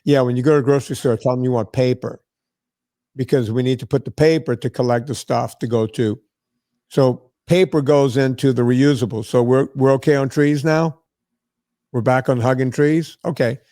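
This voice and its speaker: A man's voice: mid-range voice, fairly even intonation, moderate pace, warm tone, dry recording, studio quality. A man hosting a podcast, telling a story in a casual, profane, exasperated way. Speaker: podcast host.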